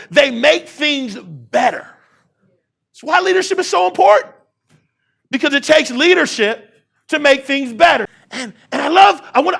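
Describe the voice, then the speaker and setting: High, bright, gravelly-voiced man speaker. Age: 30s. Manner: call-and-response with the audience, rising to shouts; emphatic repetition, slowing down for key words. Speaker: keynote speaker. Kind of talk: motivational keynote speech.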